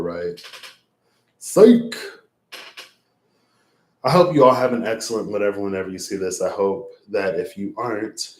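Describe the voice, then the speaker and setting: A man with a deep, low voice talks on in a loose, rambling way. He reflects aloud as a tarot reader wrapping up a long stream, breaking into laughs now and then. The sound carries a roomy echo. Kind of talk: late-night livestream wrap-up chat.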